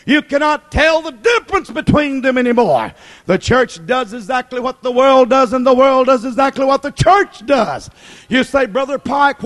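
A man preaching an impassioned sermon that rises to shouts. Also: very high voice.

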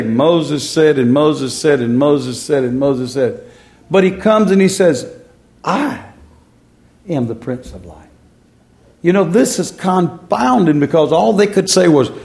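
A man's voice: high-pitched, gravelly, a little mellow. A man preaching a sermon in a folksy, repetitive way, drawing out words for emphasis.

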